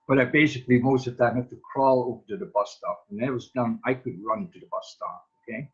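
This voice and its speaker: Earnest man, husky voice, slow halting delivery, muffled video call audio. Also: medium pitch, steady tone. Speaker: wellness practitioner guest. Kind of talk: casual video call chat.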